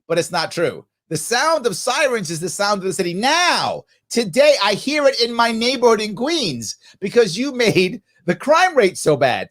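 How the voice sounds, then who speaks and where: A man hosts a podcast, reacting to played clips with mocking, sarcastic commentary. His voice is high for a man and bounces animatedly up and down in pitch. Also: a bit bright. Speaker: podcast host.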